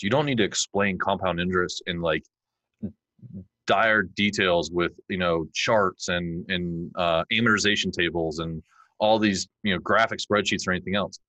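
A man in his forties, a podcast guest, chatting and telling animated stories where he acts out his kids' lines. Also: deep voice, moderate pace, no room sound, poor audio. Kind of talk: conversational interview.

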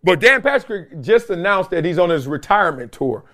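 A middle-aged man hosting a sports talk show, giving casual, animated commentary and acting out other voices in quoted bits. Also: high voice, normal speed. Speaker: show host.

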